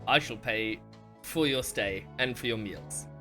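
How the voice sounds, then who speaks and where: A man's voice: medium pitch, measured pace, sharp tone, faint music behind, voice pushed down. A man doing a kindly, flustered old villager. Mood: insistent.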